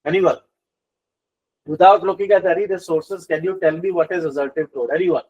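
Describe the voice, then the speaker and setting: A middle-aged man teaching business communication in a live online lecture, animated, with many fillers and repeated phrases. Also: high voice, brisk, muffled recording.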